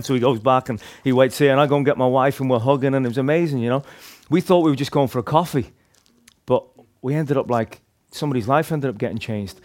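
A man from Northern Ireland, with the accent to match, shares a personal faith testimony with a group, rambling and chatty, full of restarts and "like." He talks fast at a medium pitch, his voice a little mellow.

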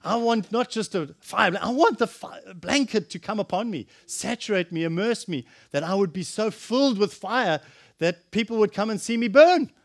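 A man preaching a sermon, impassioned, swinging from loud exclamations to hushed, earnest tones. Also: high-pitched, animated, moderate pace, gravelly.

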